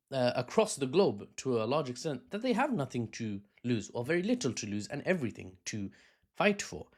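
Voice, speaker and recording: A man with a British accent giving an unscripted news analysis vlog, chatty and prone to rambling asides and self-corrections. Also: mid-range voice. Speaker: news commentator.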